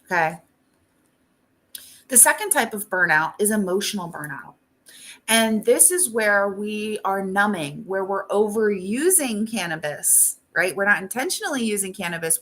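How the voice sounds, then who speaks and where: A woman life coach talks to her listeners in a loose, candid way, dropping swear words and tagging her points with "right?" Her voice sits at an ordinary pitch but sounds bright and forward. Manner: casual and blunt, swears freely, asks "right?" after most points. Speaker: life coach and show host. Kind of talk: casual coaching talk.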